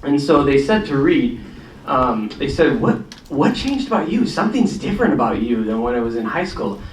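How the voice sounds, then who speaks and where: A man's voice: mid-range voice, expressive, normal speed, slight background noise. A man casually telling a story to a congregation audience, chatty and self-deprecating, before playing guitar. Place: congregation hall. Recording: echoey hall, distant mic, guitar.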